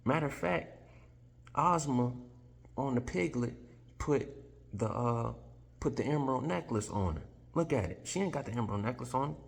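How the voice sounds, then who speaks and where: A man's voice: medium pitch, lively intonation, moderate pace, gravelly, long pauses, husky, voice pushed up. A man voicing a sassy, defiant female cat, talking bluntly and unbothered in a storytelling retelling.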